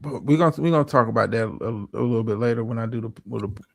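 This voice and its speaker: A man's voice: medium pitch, fast, vocal fry, no room sound, studio quality. A man hosting a livestream, reacting to a clip with profane, stammering, preachy relationship advice. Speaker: streamer host.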